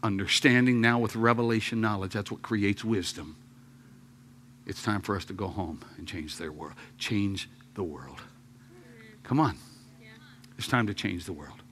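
A man preaching a sermon to his congregation, telling a story with jokes, dropping to quiet murmurs and then rising to loud outbursts. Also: fairly low pitch, normal speed, slight background noise. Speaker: pastor. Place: church sanctuary.

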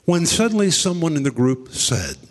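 A man's voice: big pitch swings, normal speed. Male preacher in an echoing hall. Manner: dramatic storytelling, acting out quotes with big swings in pitch and pace. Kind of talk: sermon.

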